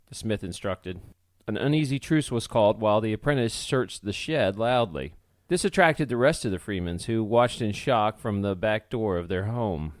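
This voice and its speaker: A man narrating an audiobook chapter in a steady, measured reading. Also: on the low side, dry recording, clean studio sound. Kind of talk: scripted narration.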